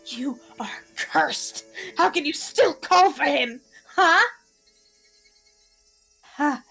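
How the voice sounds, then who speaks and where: A woman's voice: high-pitched, animated, drawn-out words, gravelly, sharp tone, voice pushed up, full character voice. A woman voicing a cruel young woman who taunts and mocks her captive, with sneering laughter, in a dramatic reading of a visual novel with faint music behind. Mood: taunting.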